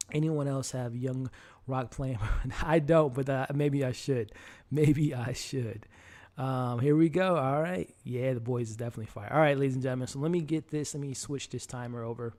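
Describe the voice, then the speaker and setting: A man's voice: mid-range voice, a little mellow. A man hosting a live stream, chatting casually with viewers and sometimes dropping to a murmur. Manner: chatty, talks to chat, restarts and fillers, drops to a murmur. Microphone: headset mic.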